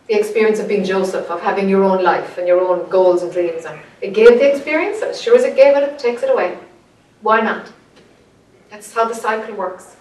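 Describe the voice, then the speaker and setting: A woman with an Irish accent, teaching a group, speaking earnestly and growing animated as she tells a story. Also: mid-range voice. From Ireland. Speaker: spiritual teacher. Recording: echoey room, voice from a distance.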